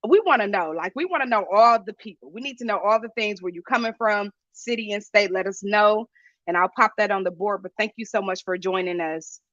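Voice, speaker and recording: Bright, energetic woman hosting a live stream. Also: mid-range voice, a little fast, no room sound, lo-fi sound. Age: 30s. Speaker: podcast host.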